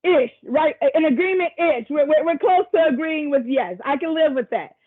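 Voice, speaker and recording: A woman's voice: high-pitched, animated, moderate pace. A woman presenter facilitating a virtual workshop over a video call, chatty and encouraging, with casual asides to the group. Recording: tinny video call audio.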